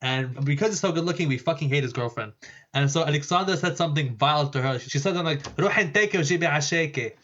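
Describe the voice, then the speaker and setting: A man from Lebanon, a podcast guest telling stories in a casual, animated way, laughing and swearing freely. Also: fairly high pitch, quick pace, highs cut off. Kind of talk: casual storytelling.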